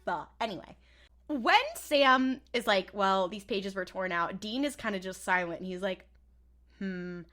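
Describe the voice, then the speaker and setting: A woman co-hosting a podcast, recapping a TV episode in casual chat, laughing often and acting out the characters' lines in flat mock voices. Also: medium pitch, unhurried. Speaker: podcast co-host.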